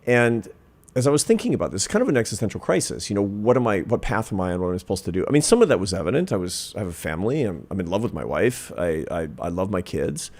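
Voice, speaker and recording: Brief: man, 50s, low voice, interview guest, reflective storyteller who lands his points with force. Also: very animated, fast, a little mellow. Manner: earnest, reflective, builds to emphatic points. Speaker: guest, social scientist.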